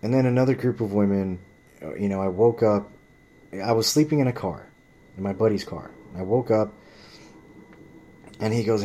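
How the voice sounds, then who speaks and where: A man's voice: on the low side, fairly even intonation, a little fast, dark tone. A man telling a story in a ranting vlog monologue, blunt and profane, often rambling and restarting his sentences. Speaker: vlogger.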